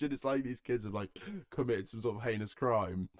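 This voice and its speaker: A man's voice: lowish voice, brisk, dry recording, clean studio sound. A young man from Herefordshire in England, hosting a solo podcast in a casual, jokey way, swearing and laughing often. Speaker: podcast host. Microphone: home recording setup.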